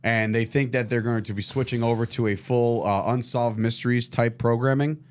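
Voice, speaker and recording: Man, podcast co-host, mid pitch, ranting, sarcastic, casual. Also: fairly even intonation, moderate pace.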